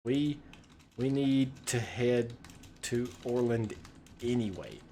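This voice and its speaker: A man's voice: medium pitch, slow, warm tone, a little hiss or hum. An American man streaming a text adventure game, giving casual, rambling commentary full of swearing and laughter. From United States. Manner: rambling, profane, laughs often.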